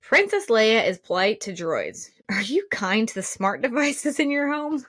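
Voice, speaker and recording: A woman's voice: on the high side, very animated, unhurried, fairly bright tone, dry recording. A woman co-hosting a podcast in casual chat, talking loosely with lots of fillers and laughing easily. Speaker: podcast co-host.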